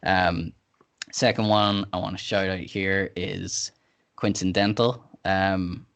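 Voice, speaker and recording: A man's voice: deep voice, fairly even intonation, takes it slowly, vocal fry, a bit bright. A man hosting a music podcast in loose, laughing casual chat, swearing freely. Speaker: podcast host.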